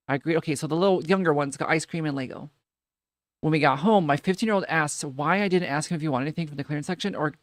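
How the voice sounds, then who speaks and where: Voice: medium pitch, no room sound, clean studio sound. A streamer in casual reaction commentary, reading posts aloud and ranting about them in a profane, incredulous way with lots of repeated phrases.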